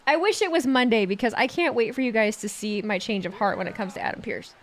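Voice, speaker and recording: A woman's voice: on the high side, fast. A young woman chatting casually on a live stream, sarcastic and talkative, reading chat messages aloud.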